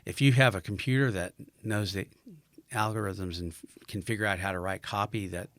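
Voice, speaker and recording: A middle-aged man hosts a podcast in a rather low voice, talking in a loose, conversational way and often agreeing with his guest. The recording is dry and close, with no room echo. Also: brisk. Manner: conversational, affirming, lively at sign-off. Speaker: podcast host. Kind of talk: casual interview chat. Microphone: close podcast mic.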